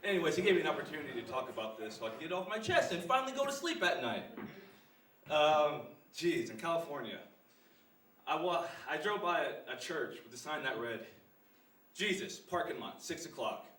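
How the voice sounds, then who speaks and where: Lively crude young comedian on stage. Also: male voice, fairly high pitch, a little fast. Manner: animated, crude, laughing at his own jokes. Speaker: stand-up comedian. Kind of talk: live stand-up routine. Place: small comedy club stage. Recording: roomy live venue from far off.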